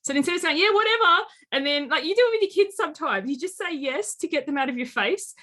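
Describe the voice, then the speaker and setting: Animated woman in her late thirties. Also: sits high, fast. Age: late 30s. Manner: animated storyteller, acts out quotes. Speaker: guest life coach. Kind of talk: conversational interview.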